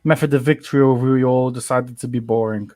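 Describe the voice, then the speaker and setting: A man's voice: medium pitch, fairly even intonation, brisk, mellow, dry recording. A man with a mid-range voice co-hosts a casual fight-sports podcast, talking through his choices in a careful, analytical way. His sound is close and dry. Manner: analytical, weighs options. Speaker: podcast co-host.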